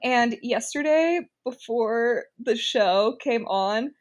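A woman's voice: fairly high pitch, takes it slowly. A young woman co-hosting a podcast, chatting casually and playfully with frequent giggles. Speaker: podcast co-host. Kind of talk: casual chat.

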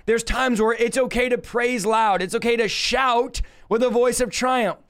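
High-voiced preacher man, emphatic. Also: steady tone, measured pace, fairly bright tone, smooth. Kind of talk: livestream Bible teaching.

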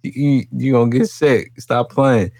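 A young man in easy podcast banter, relaxed and full of slang, laughing a lot between stories. His voice sits at an ordinary middle pitch. The sound is dry and close. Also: normal speed, dry recording. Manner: laid-back, laughs often, slang-heavy. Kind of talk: casual chat.

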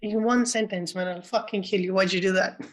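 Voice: medium pitch, steady tone, brisk. A co-host of a film podcast in casual chat, enthusiastic and profane, retelling scenes by quoting them.

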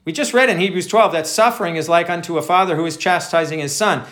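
A man's voice: fairly high pitch, fast, a bit bright. A pastor preaching a conversational sermon, talking to his listeners directly and calling them folks.

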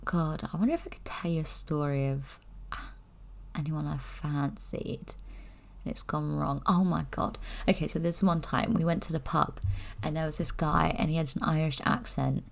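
A woman's voice: low-pitched, fairly even intonation, moderate pace, gravelly. A young woman chatting candidly to camera, rambling and giggling as she talks. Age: young adult. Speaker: vlogger. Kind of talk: casual chat.

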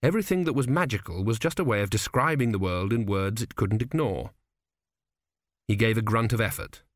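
A man reading an audiobook aloud in a measured, wry storytelling manner. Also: on the low side, no room sound, clean studio sound. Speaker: audiobook narrator. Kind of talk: scripted narration.

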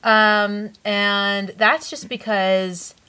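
A woman co-hosts a podcast and talks casually about the actors in a series. She is chatty and often jumps in to finish the other host's sentences. Her voice has an ordinary middle pitch. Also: steady tone, extremely slow, bright, forceful tone, smooth. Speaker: podcast co-host. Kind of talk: casual chat reviewing a TV series.

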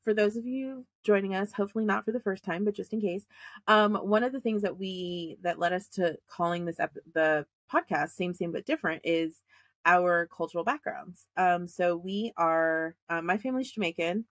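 A woman co-hosting a podcast in casual chat, animated and quick to laugh as she tells stories. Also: fairly low pitch, no room sound. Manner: chatty, laughs often, animated storytelling. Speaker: podcast co-host.

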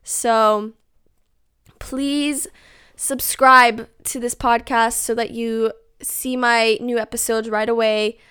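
A woman's voice: fairly high pitch, little pitch movement, slow, bright, forceful tone, smooth. A young woman hosting her own podcast, chatting casually and rambling with lots of "like"s, joking at her own expense. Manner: chatty, rambling, self-mocking, many "like"s. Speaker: podcast host. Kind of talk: casual solo podcast chat.

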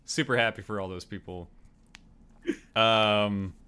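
A man co-hosting a casual movie podcast, sarcastic and quick to laugh. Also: on the low side, steady tone, bright, forceful tone, clear, resonant tone. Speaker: podcast co-host. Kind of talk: casual chat.

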